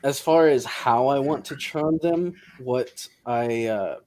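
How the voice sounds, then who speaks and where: A man's voice: medium pitch, slow, darkish tone. A man playing a tabletop game, thinking aloud and hesitant as he describes his character's plan. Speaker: player.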